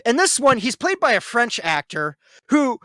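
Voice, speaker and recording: A man co-hosting a casual podcast review, excitable, swearing a lot and laughing often. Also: very high-pitched, normal speed, no room sound. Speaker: podcast co-host.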